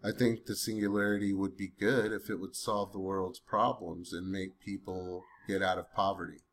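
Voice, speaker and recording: A man's voice: low voice, level tone, moderate pace. A man talking to a voice assistant, saying punctuation aloud and questioning it with growing irritation. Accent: says he has a weird accent. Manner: speaking punctuation aloud, testing and bantering; grows irritated, curses. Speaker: user testing a chatbot. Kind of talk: dictating to a voice assistant.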